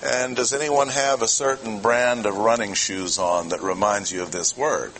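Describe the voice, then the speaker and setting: A man preaching to a congregation in a bright, forceful voice. He keeps it conversational and stops to ask his listeners questions. A faint background ambience sits under his words. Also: on the low side, moderate pace, a little hiss or hum, poor audio. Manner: conversational, asks the audience questions. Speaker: pastor. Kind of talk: expository sermon.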